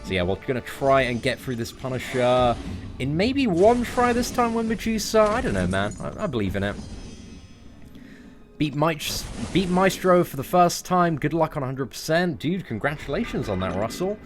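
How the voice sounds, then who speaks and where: A young man casually commentating his mobile game live, chatty and jokey, thanking viewers as he plays. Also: moderate pace. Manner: chatty, jokey, lively pitch jumps when excited. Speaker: gaming livestream host. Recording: faint music behind.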